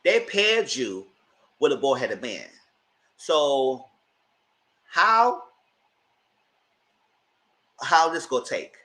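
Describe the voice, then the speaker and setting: A man's voice: mid-range voice, big pitch swings, drawn-out words, long pauses, bright, forceful tone, rough recording. A man hosting a casual live review of a reality TV show, chatty and emphatic as he talks straight to his viewers.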